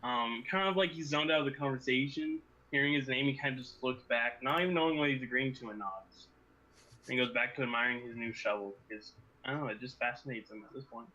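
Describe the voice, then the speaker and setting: A man playing a tabletop game, describing his character in a relaxed, offhand way. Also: mid-range voice, fast. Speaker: player. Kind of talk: casual tabletop play. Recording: dull lo-fi sound.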